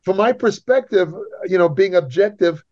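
Male interview guest, a bit high-pitched, repetitive storyteller, muffled recording. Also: expressive, moderate pace, darkish tone. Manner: rambling, repeats himself, many restarts. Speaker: guest writer. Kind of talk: casual interview chat. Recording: dull lo-fi sound.

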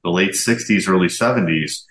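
Deep-voiced podcast host in an echoey room. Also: male voice, a bit bright. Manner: affirming listener with quick interjections. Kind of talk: podcast interview and narration. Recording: roomy echo.

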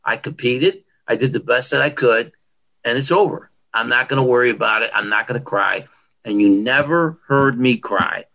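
Animated man telling stories. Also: medium pitch, moderate pace, creaky, rough recording. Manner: animated storyteller acting out quotes. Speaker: guest, former pro bodybuilder. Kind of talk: storytelling interview.

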